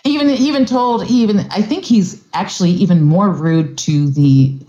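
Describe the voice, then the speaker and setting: A woman's voice: mid-range voice, normal speed, dark tone, lo-fi sound. A woman guest on a podcast, talking casually and bluntly, swearing freely and stammering through restarts. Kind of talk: casual chat.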